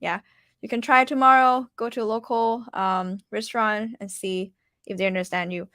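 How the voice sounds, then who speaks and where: A woman teaching Thai in a casual online lesson, patiently repeating words slowly for learners and laughing often. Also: mid-range voice, pushed and bright, clear, resonant tone, no echo.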